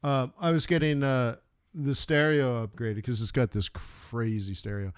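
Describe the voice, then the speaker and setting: A man's voice: medium pitch, steady tone, measured pace, clear, resonant tone, dry recording, studio quality. Chatty man telling car stories. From United States. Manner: rambling storyteller, laughs at his own anecdotes. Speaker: forex trading stream host. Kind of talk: casual live-stream chat.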